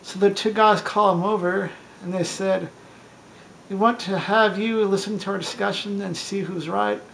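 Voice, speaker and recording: A man runs through a list of bar jokes one after another, reading them in a plain storytelling way and tripping over a word now and then. His voice sits high with a gravelly edge. A faint hiss stays under the recording. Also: fairly even intonation, normal speed, fairly bright tone, rough recording. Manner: plain storytelling delivery with small stumbles. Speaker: joke teller.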